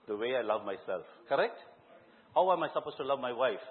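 A man preaching a sermon to a congregation, asking them questions and telling lively stories from his own life. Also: medium pitch, a little fast. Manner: questions the congregation directly and tells lively anecdotes. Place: church hall before a congregation. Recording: echoey hall, tinny phone-like sound.

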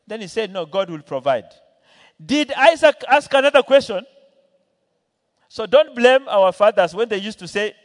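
A man's voice: very high-pitched, animated, moderate pace. A man preaching a sermon to a church, telling a Bible story and voicing its characters as he goes. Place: church hall. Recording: long hall reverb.

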